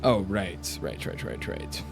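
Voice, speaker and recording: A man's voice: deep voice, sing-song, takes it slowly, gravelly, over music. Man narrating a tabletop game. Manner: descriptive, full of uh and restarts. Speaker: game master.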